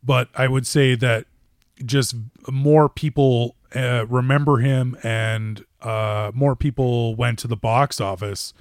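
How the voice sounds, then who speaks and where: A man's voice: mid-range voice, steady tone, takes it slowly, no room sound, clean studio sound. Chatty man co-hosting a casual podcast. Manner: chatty, rambling, full of fillers and self-corrections. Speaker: podcast co-host. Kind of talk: casual chat about movies.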